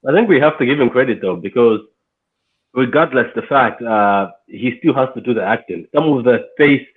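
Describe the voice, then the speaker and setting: A man guesting on a casual film review chat, speaking emphatically and getting excitable, with a husky voice. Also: medium pitch, moderate pace. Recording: tinny phone-like line.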